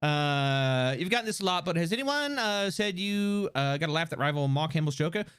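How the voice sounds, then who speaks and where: A man hosting a live stream, talking in a casual, rambling, profane and animated way. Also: on the high side, normal speed, smooth. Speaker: livestream host. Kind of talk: casual livestream chat.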